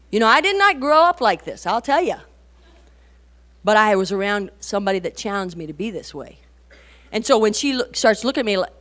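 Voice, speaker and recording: A woman in her forties giving a conversational sermon to mothers and teenagers, telling stories with frequent rhetorical asides and emphatic bursts. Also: on the high side. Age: 40s. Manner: animated storytelling, rising to emphatic bursts. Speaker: women's conference speaker.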